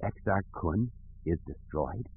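A man reading an audiobook, voicing a frightened, penitent young male apprentice who speaks hoarsely and haltingly in a soft voice. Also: lowish voice, expressive. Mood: timid. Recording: tinny phone-like audio.

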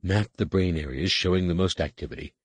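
A stern alien overseer woman, voiced by a man reading a sci-fi audiobook gives brusque, clipped orders in a very deep, husky voice. The sound is dry and close. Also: fairly quick, no room sound. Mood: commanding. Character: stern alien female master scientist, cold, commanding.

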